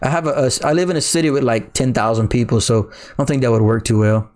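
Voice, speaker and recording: A middle-aged man from Louisiana with a Cajun accent, chatting casually on a crypto livestream, reading viewer comments in an excitable, slangy way. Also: medium pitch, fast talker. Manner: excitable, laughing, slangy, says "bruh".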